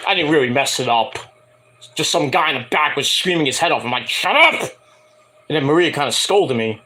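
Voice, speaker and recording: A man rambling casually to camera, swearing freely and acting out quoted people in higher voices. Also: fast talker. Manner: animated, profane, acts out quotes in higher voices. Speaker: wrestling and music vlogger.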